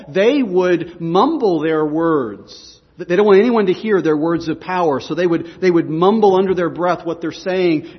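High-voiced husky preacher in a hall. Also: male voice, muffled recording. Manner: explanatory, asks the congregation questions. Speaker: pastor. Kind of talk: sermon.

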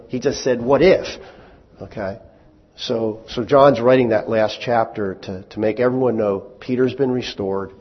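A pastor in his sixties preaches in a husky voice, often stumbling and repeating words between folksy asides. The sound is dull and lo-fi, with long reverb from a church hall. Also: medium pitch. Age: 60s. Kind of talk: sermon.

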